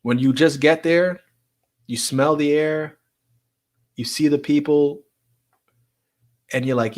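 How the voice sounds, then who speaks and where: A man's voice: a little high, takes it slowly, long pauses. Chatty man hosting a live stream. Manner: chatty, laughs often, repeats words. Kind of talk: casual live-stream talk.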